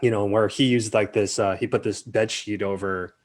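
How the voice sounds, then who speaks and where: A man in a casual interview, recalling his career in a relaxed, talkative way. He slips into quoted voices as he tells stories, and his voice sits on the low side. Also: moderate pace. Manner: animated storyteller, acts out quotes. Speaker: film director, interview guest.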